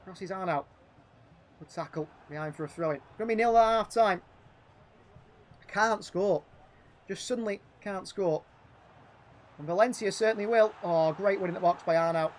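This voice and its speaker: Male stream host, high-pitched, running live play-by-play with animated, frustrated asides. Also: normal speed, pauses often, slight background noise. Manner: animated, frustrated, thinking aloud between match calls. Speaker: gaming livestream host. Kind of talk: live play-by-play commentary on a football management game.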